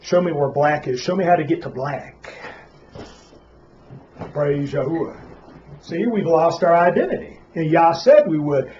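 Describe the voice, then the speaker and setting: A man preaches a Sabbath Bible class in a somewhat high voice. He keeps coming back to "Praise Yah" and keeps asking questions of his listeners. The recording sounds dull and lo-fi. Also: a little mellow, slight background noise.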